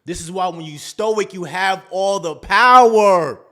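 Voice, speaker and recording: A man's voice: sits high, measured pace, bright, forceful tone. A man hosting a dating advice talk, in a casual, slangy monologue that acts out quoted lines.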